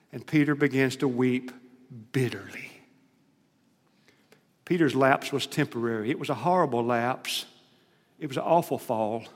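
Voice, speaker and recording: A man preaching a sermon, retelling scripture with dramatic, rising emphasis. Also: medium pitch. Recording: long hall reverb.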